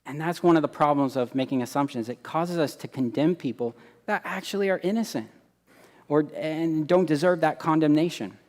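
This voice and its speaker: A man preaching a sermon, animated, acting out quoted voices and swinging between loud emphasis and hushed asides. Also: a little high, normal speed, in a large hall. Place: church hall.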